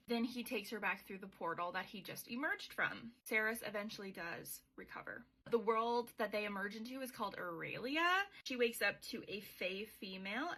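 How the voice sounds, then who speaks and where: A woman's voice: mid-range voice, bright, forceful tone, rough recording. A young adult woman hosting a podcast, recapping a book in a chatty, irreverent, profane way. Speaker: podcast host.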